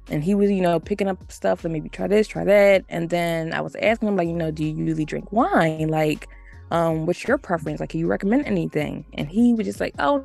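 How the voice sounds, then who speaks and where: A woman from the United States telling a story as a podcast guest, chatty and animated, full of "like" and laughter. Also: on the low side, vocal fry. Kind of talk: casual storytelling.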